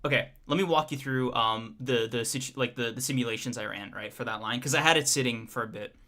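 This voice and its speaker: Young male podcast co-host, bright voice, jokey, laughs easily. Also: medium pitch, fast. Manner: joking, laughs often, trails off and restarts. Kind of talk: casual livestream chat.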